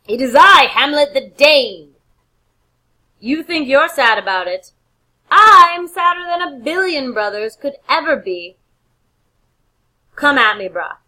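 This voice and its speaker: A woman voicing a brash, furious young prince who hurls loud, slangy taunts at a rival. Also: high voice, sing-song, slow, pauses often, pitched above the performer's own voice, heavily acted, low-quality recording. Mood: swaggering.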